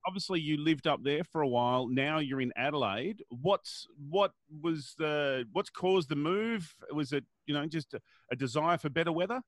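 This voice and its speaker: A man's voice: a little high, animated, moderate pace, no echo. A man hosting an interview, asking questions in a friendly, slightly hesitant way. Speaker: interview host. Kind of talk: casual interview.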